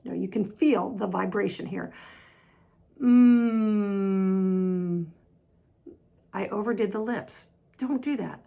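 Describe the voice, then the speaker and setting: A woman with an American accent teaching an online English pronunciation lesson, patient and upbeat, demonstrating sounds slowly and repeating them. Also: medium pitch, gravelly, darkish tone, husky. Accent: General American.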